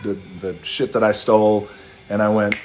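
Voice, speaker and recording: Casual low-voiced man telling stories. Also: completely flat delivery, moderate pace, a little hiss or hum. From Hawaii. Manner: loose, profane, chuckling anecdotal delivery. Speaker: live stream host. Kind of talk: casual storytelling.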